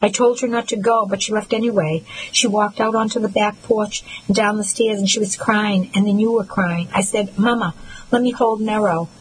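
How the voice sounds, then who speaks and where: A woman's voice: mid-range voice, fairly even intonation, moderate pace, slight background noise, lightly acted, rough recording. A woman voicing a troubled grown brother in an audiobook, who slurs and mumbles through his tears. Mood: grieving. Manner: slurred, mumbling, tearful. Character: grieving troubled adult brother, slurred speech.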